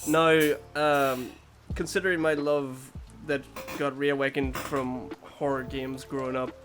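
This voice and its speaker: A man's voice: mid-range voice, flat delivery, slow, over music. A man co-hosting a casual podcast, telling gaming stories in a rambling way and laughing often. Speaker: podcast co-host. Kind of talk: casual storytelling chat.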